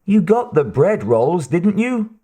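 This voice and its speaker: A man's voice: sits high, big pitch swings, slow, mellow, voice pushed up, heavily acted. A man reading an audiobook, voicing a playful male crewman who mocks his shipmates. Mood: teasing. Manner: mocking, playful. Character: teasing joker male crewman.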